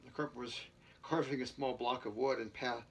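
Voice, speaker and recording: A man's voice: mid-range voice, steady tone, brisk. A man reading a book aloud, stumbling and restarting and dropping jokey asides between passages. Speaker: reader.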